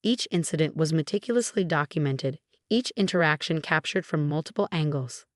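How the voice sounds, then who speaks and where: A woman narrating a first-person scripted story in a steady, measured way. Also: sits low, no room sound, studio quality.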